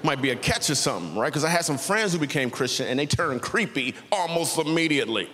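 A man in his thirties delivers church stand-up in an animated, fast voice on the high side, pushed and bright, acting out the voices of his story. The recording captures a reverberant large auditorium with faint ambience.

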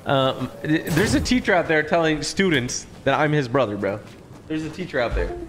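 A man's voice: fairly high pitch, lively intonation, slight background noise. Casual male game streamer, sore throat. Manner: reads out viewer shout-outs in quick, upbeat bursts. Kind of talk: casual live-stream chat.

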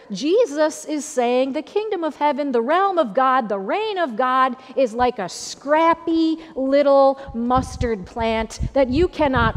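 A woman pastor giving a sermon in a conversational, repetitive preaching style, with an Upper Midwest American accent. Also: high voice. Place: church sanctuary. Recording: long church reverb.

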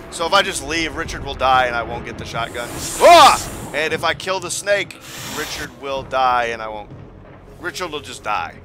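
A man's voice: a little high, noisy background. A young man giving casual let's-play commentary, rambling and repeating himself as he thinks aloud. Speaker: gaming video host. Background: game music.

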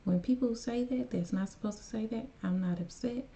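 A woman's voice: on the high side, fairly quick, mellow. A woman hosting a reaction video, speaking to her viewers in a casual way and giving emphatic, preachy advice. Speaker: reaction channel host.

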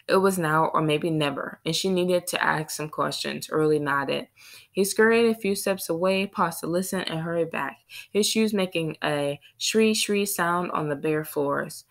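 A woman narrating a children's novel in a steady storytelling read. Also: deep voice, moderate pace, vocal fry. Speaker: audiobook reader. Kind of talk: scripted narration.

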